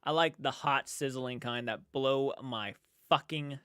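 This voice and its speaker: A man's voice: medium pitch, unhurried, bright, forceful tone, smooth, no room sound, studio quality. A young man hosting a casual late-night livestream, reading chat aloud in a sleepy, yawning, rambling way with restarts. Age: young adult.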